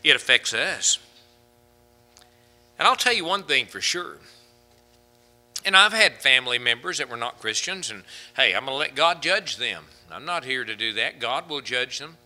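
Fervent, animated man preaching a sermon. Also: mid-range voice, normal speed, long pauses. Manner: preachy, rising to fervent shouting peaks. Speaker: pastor.

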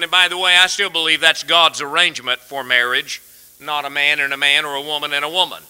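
A man's voice: high-pitched, sharp tone, clean tone, poor audio. A man preaching a sermon in a folksy, earnest way, telling a humorous story to his congregation. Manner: folksy, earnest, tells stories and jokes.

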